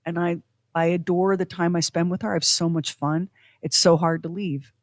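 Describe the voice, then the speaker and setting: A woman's voice: lowish voice, fairly even intonation, normal speed, no room sound. A middle-aged woman co-hosting a radio talk show, speaking earnestly and from the heart in long run-on sentences. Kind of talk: casual talk show chat.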